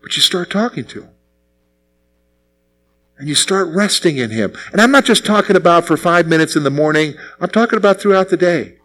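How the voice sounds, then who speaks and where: Male pastor, fairly high voice, earnest sermon delivery with repeated phrases. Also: animated, fairly quick, fairly bright tone.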